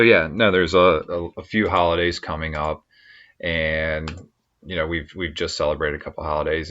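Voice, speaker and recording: A man co-hosting a podcast, talking in a relaxed, easygoing way. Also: rumbling low, highs cut off. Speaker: podcast co-host. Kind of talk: casual chat.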